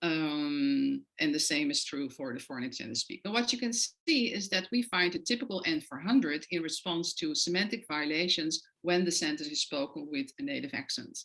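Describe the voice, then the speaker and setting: Bright-voiced woman lecturing with non-native accent. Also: low voice, moderate pace, low-quality recording. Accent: non-native English. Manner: explanatory, with frequent hesitant fillers. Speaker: guest lecturer. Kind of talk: academic lecture presenting research.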